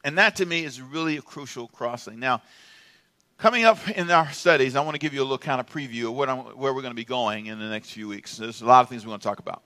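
Playful, bright-voiced male pastor preaching. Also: medium pitch, fast talker. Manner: humorous, playful, audience call-and-response. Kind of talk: sermon.

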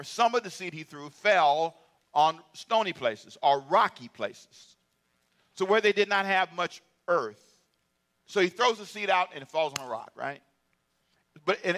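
A pastor preaching a lively, humorous sermon with call-and-response. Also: male voice, high-pitched.

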